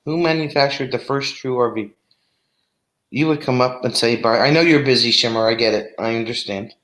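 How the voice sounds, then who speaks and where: Bright-voiced chatty man in an echoey room. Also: mid-range voice, brisk. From New Jersey. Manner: chatty, laughs often, answers chat comments aloud. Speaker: live stream host reading chat. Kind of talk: casual live chat.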